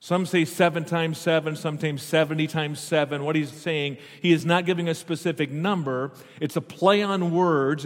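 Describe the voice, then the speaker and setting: A man preaching a sermon. He reads scripture aloud, stops often to explain it and puts questions to the congregation. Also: a little high. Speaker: pastor. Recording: long hall reverb.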